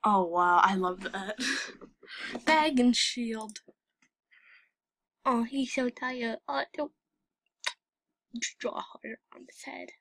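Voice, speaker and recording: A woman's voice: a little high, slow pace, pauses often. A teenage girl hosting her channel, giggling and rambling as she reacts to images she scrolls through. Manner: giggly, rambling, excitable outbursts. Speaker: channel host. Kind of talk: casual commentary while browsing images.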